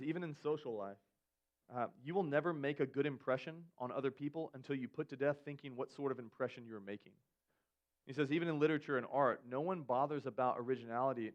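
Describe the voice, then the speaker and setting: Young male youth pastor, casual animated sermon delivery, mid pitch, slightly muffled sound.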